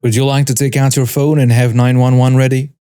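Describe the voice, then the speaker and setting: A man voicing a patient male store manager who speaks in a steady, measured way. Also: medium pitch, clean tone, dry recording, studio quality, lightly acted. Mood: firm. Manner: measured, firm.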